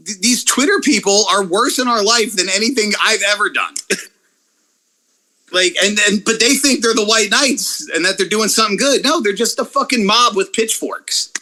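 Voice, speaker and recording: A man's voice: high-pitched, moderate pace. A man talking in a casual podcast chat, ranting and swearing freely about online critics. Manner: profane, animated, ranting. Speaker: wrestling YouTuber guest.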